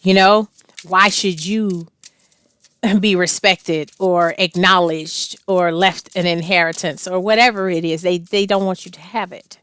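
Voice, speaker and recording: A woman's voice: on the low side, fairly even intonation, unhurried, a bit bright, smooth, no room sound. A woman doing a casual tarot reading, blunt and slangy, laughing often and cursing freely. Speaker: tarot reader.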